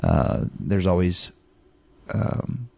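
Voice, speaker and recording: A man in his thirties calmly talking through how he handled his son's sadness, with frequent restarts. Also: deep voice, drawn-out words, gravelly, dry recording. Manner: calm, reflective, many restarts. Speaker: podcast co-host, father. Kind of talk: casual chat.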